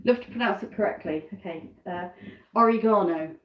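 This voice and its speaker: A woman's voice: mid-range voice, a little slow, muffled recording. Chatty British woman in echoey kitchen. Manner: rambling and chatty, drifting between tasks and asides. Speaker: backyard chicken keeper hosting a live stream. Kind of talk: casual live-stream chat. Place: home kitchen.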